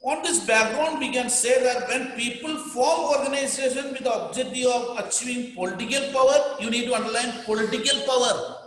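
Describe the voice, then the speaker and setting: Indian male teacher, high voice, emphatic and repetitive, booming hall reverb. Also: fairly quick, fairly bright tone, a little hiss or hum. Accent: Indian English. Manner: repetitive, emphatic, dictating to students. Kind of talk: classroom lecture.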